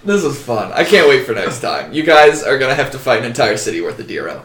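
A man's voice: medium pitch, very animated, fast talker, a bit bright, slight background noise. A man acting as game master and podcast host, narrating a tabletop game in a casual, joking way and swearing freely. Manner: casual, swears freely, laughs between descriptions.

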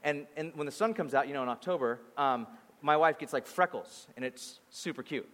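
A male pastor preaching a sermon in a conversational, animated way, mixing teaching with casual asides and stories. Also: a little high, brisk. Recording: long hall reverb.

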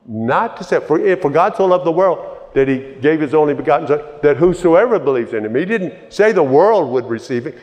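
A man preaching a sermon, conversational at first and building to emphatic high points. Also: expressive, moderate pace, hardly any pauses, a little mellow. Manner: conversational, rising to emphatic peaks. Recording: long reverb of a large hall.

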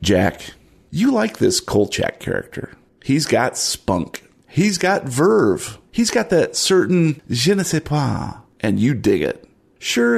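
A man's voice: mid-range voice, creaky, a little mellow, husky. A man narrating a horror tabletop game as game master, wry and theatrical.

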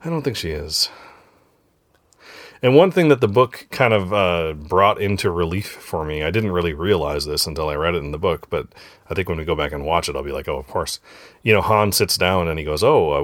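Low-pitched male host, casual and chatty, dry close mic. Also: a little fast, no echo. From grew up among Norwegian Americans. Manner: relaxed, chatty, says "right?" often. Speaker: podcast host. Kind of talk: casual family chat.

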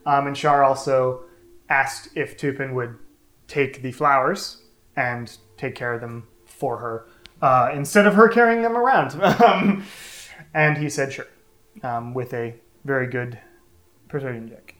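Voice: medium pitch, unhurried. Game master narrating in a roomy space. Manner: relaxed, rambling with many ums and laughs. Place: room around a gaming table. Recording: roomy table recording.

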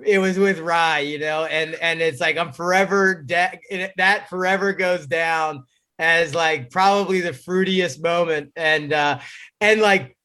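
A man with a noticeably high speaking voice tells a story in a loose, casual way. He swears freely and breaks into laughter mid-sentence. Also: fairly even intonation, a little slow, pushed and bright, smooth. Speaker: guest.

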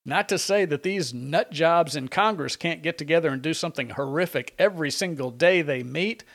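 A man with a somewhat raised pitch hosts a political talk show. He talks in an animated, sarcastic way, leaning hard on his points. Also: moderate pace. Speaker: radio talk show host. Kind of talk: opinionated political commentary.

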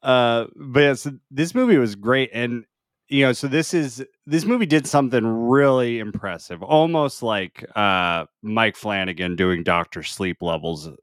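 A man's voice: mid-range voice, unhurried, no echo, studio quality. A young man co-hosting a podcast, chatting casually and laughing along. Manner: relaxed, laughs along, some fillers. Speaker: podcast co-host. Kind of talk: casual chat.

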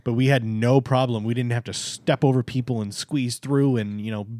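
A man co-hosting a podcast in casual chat. He jokes a lot and speaks with emphasis, and his voice is slightly hoarse from allergies. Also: mid-range voice, fairly even intonation, moderate pace, a little mellow, dry recording. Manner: enthusiastic, joking, emphatic. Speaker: podcast co-host.

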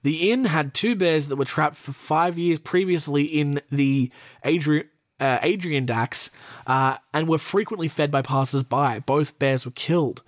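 A man's voice: on the high side, measured pace, no room sound. Sweary, exasperated young man, close dry mic. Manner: sweary, exasperated asides between reading. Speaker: podcast host reading and reacting to a list. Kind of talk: casual solo commentary.

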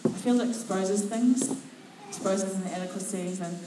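A woman preaching a sermon in a church, telling Bible stories with lively, expressive delivery and acting out the lines. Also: mid-range voice, normal speed, noisy background. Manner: expressive storytelling, acts out quotes. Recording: very echoey church from a distance.

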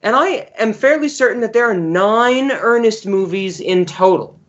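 Rambling podcast guy, slightly high voice. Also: expressive, normal speed, fairly bright tone, muffled recording. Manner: long-winded, rambling explanations. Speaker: podcast co-host. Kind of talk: casual chat.

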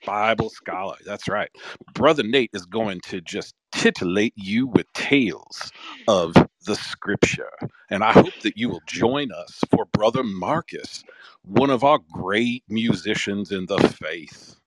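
A man putting on an old-timey television preacher voice, introducing guests in a drawn-out, sing-song cadence. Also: on the low side, lively intonation, dry recording, low-quality recording. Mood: showy. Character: old-timey male TV preacher, booming and showy.

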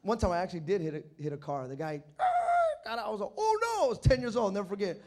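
Animated preacher man telling stories. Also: high-pitched, very fast. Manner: animated, acts out voices and shouts in stories. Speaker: pastor. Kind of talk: sermon with storytelling. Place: church.

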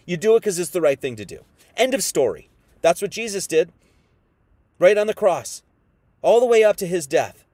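Male preacher with a higher voice and a dry sound. Moves between quiet scripture reading and loud, emphatic, slangy preaching. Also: sing-song, normal speed, pauses often, no echo. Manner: reads scripture aloud, then explains it in casual slang. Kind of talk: sermon.

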